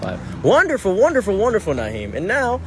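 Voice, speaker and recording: A man's voice: high-pitched, huge pitch swings, fairly quick, noisy background. A man giving mock-mystical tarot readings to strangers outdoors on a city street, making grand theatrical pronouncements.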